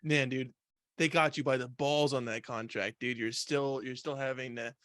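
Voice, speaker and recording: A man hosting a podcast, chiming in with quick jokes and short replies during a guest's story. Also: mid-range voice, fairly even intonation, a bit bright, dry recording, clean studio sound. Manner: joking, quick to chime in with wisecracks. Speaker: podcast host. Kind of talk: casual chat.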